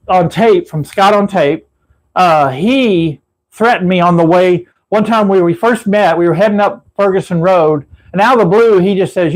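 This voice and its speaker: A high-voiced Texan man chatting loosely on his livestream from his room at home. He rambles from story to story and laughs at his own jokes. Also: rough recording. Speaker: livestream host. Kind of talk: casual live chat with viewers.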